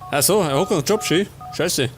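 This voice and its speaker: Bavarian gamer muttering over gameplay. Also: male voice, on the high side, animated, fairly quick, soft background music. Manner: muttering to himself while playing. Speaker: let's play gamer. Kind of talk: casual game commentary. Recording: commentary over noisy game audio.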